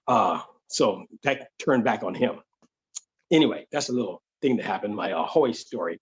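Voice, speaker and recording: A man telling a funny true story to an audience, animated and conversational, slipping into voices. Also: on the low side, normal speed, breathy edge, lo-fi sound. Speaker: solo performer and storyteller. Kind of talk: comedic live-streamed storytelling.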